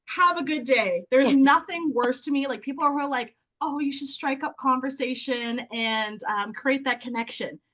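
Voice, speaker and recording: A woman in her thirties, a guest on a podcast, telling stories in an animated way, acting out the voices she quotes and laughing often. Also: high-pitched, normal speed, few pauses. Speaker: podcast guest, sales consultant. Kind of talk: casual podcast chat.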